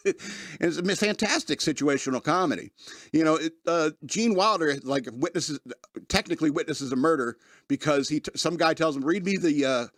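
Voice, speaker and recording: A man's voice: fairly high pitch, moderate pace, fairly bright tone, no echo, clean studio sound. A man hosting a podcast, casually reviewing a movie, rambling with lots of fillers and often laughing as he retells scenes.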